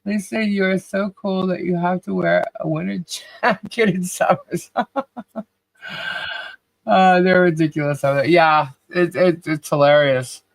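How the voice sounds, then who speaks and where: A co-host greets viewers one by one on a casual livestream, cheerful and quick to laugh. The delivery is slow and relaxed. The voice sits dry and close on the mic. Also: mid-range voice, vocal fry, no echo. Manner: cheerful, laughs often, calls out names. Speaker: podcast co-host.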